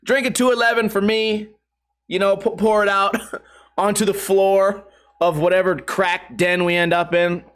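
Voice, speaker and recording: A man's voice: high voice, a bit bright. A man hosting a podcast, telling a rambling, profane story with frequent laughter. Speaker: podcast host. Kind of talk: casual storytelling monologue.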